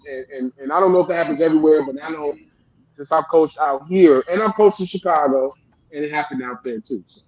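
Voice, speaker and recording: A man's voice: on the high side, a little fast, darkish tone, no echo, dull audio. A man in his late thirties, a youth coach, talking animatedly and rambling with lots of restarts in a casual interview. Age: 30s. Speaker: youth football coach, guest.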